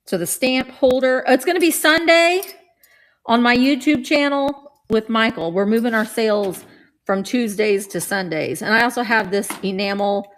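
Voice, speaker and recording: A woman's voice: mid-range voice, a bit bright. Middle-aged female vintage reseller, chatty and rambling, hosting a live stream at home. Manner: chatty, rambling, greets viewers while showing items. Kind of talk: casual live-stream chat.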